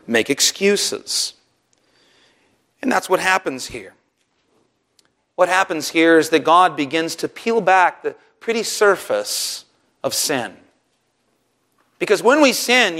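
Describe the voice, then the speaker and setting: A man preaching a sermon to his congregation, animated, often rising sharply in pitch and loudness to stress a point. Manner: animated preaching, voices Bible figures with sarcasm; rises sharply in pitch and volume for emphasis. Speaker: pastor.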